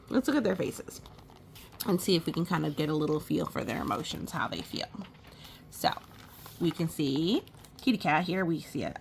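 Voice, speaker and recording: A woman's voice: on the low side, fairly bright tone, a little hiss or hum. A woman reading a picture book aloud at storytime, exclaiming and pointing out the pictures. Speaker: storytime reader.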